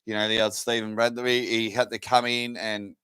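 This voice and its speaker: A man's voice: on the low side, level tone, moderate pace, bright, forceful tone, clean tone, dry recording. An Australian man co-commentating a sports event in jokey, enthusiastic banter. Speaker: guest co-commentator. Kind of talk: casual sports commentary chat.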